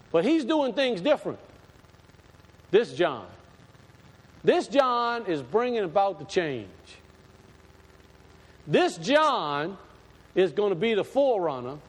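A man preaching a sermon in a folksy, storytelling way with sudden emphatic swells. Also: on the high side. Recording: echoey hall.

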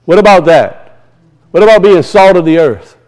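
High-voiced preacher. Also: male voice, animated, normal speed, a little mellow, rough recording. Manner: preaching with frequent rhetorical questions to the congregation. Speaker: pastor. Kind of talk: sermon.

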